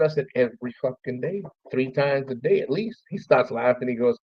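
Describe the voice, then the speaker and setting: A man's voice: mid-range voice, brisk, no echo. A man speaks casually and loosely, with plenty of swearing, as he remembers a late friend on his stream. The audio is dull and lo-fi, and the room sounds dry and close. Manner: loose, profane, thanks listeners by name. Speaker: podcast host. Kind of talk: casual memorial monologue.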